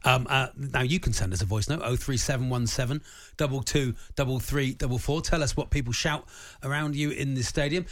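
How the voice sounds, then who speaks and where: A man hosting a casual football chat, asking questions and agreeing quickly. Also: mid-range voice. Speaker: radio host. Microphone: studio microphone.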